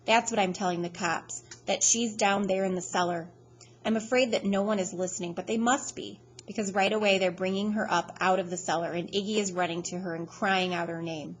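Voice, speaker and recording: A woman narrates a first-person novel in a steady, measured way, mid-pitched and even. A faint background hiss sits under the reading. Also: poor audio. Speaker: audiobook reader.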